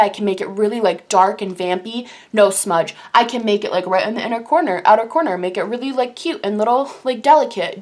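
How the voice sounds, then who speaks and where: A young woman casually reviewing the makeup she loves, gushing in quick, animated bursts of enthusiasm. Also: fairly high pitch. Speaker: beauty YouTuber.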